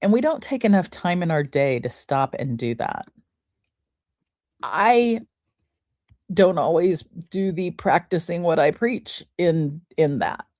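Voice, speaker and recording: Slow, low-voiced woman guiding breathing. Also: animated, a little mellow, no echo, clean studio sound. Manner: slow, soothing, counts breaths aloud. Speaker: podcast host. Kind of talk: guided breathing and wellness talk.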